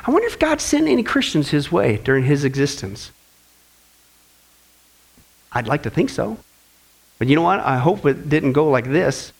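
A man's voice: on the high side, big pitch swings, normal speed, creaky, long pauses, slightly rough. A man preaching a sermon during a Bible study. He speaks emphatically and keeps asking the congregation rhetorical questions.

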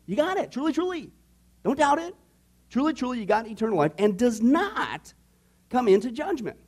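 A man with a high, bright voice leads a Bible class for a room of students. His delivery is playful and full of jokes, and he keeps tossing "okay?" and "right?" back at the class. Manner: playful, jokey, with frequent "okay?" asides to the class. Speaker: pastor teaching a discipleship class. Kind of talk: lively Bible class teaching.

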